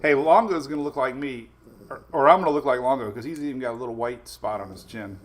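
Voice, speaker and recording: A man's voice: medium pitch, quick pace. A man hosting a casual weather livestream from home, chatty and laughing often while his dogs run around.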